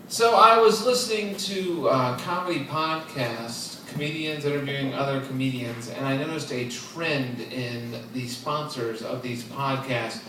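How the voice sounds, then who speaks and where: A man in his twenties performing an open mic stand-up set, deadpan and self-deprecating, chuckling at his own jokes. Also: medium pitch, slow pace, far from the mic. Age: 20s. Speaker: stand-up comedian. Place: comedy club stage. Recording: echoey club heard from afar, crowd noise. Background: audience laughing.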